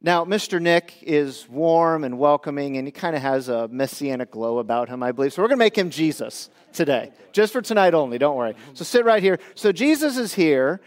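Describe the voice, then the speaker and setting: A man preaching a sermon, moving between hushed prayer and playful, teasing storytelling with his congregation. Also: on the high side, lively intonation, fairly quick, few pauses, big-room sound. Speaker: pastor. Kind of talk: sermon with live demonstration.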